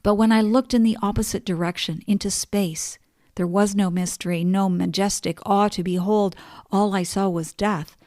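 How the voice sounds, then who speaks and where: A middle-aged woman hosting a podcast, telling stories and reading passages in a calm, measured way. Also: medium pitch, no echo, studio quality. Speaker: podcast host. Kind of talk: reflective spoken essay, reading quotes aloud.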